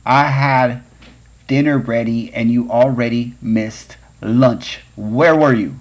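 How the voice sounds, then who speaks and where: A man's voice: mid-range voice, steady tone, takes it slowly, muffled recording. A man voicing his scolding mother, a middle-aged woman asking where he was. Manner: scolding, questioning.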